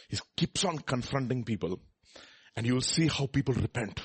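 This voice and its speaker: A man's voice: medium pitch, a little fast, husky. A man giving a sermon, reading scripture and asking the listeners questions. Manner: animated, asks the crowd questions, reads scripture aloud. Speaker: preacher. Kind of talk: sermon Bible teaching.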